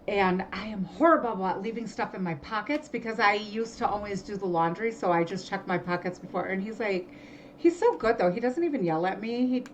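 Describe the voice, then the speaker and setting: A woman's voice: medium pitch, animated, brisk, low-quality recording. Woman, middle-aged, casual co-host, chatty, self-correcting, faint background noise. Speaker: podcast co-host. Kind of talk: casual chat.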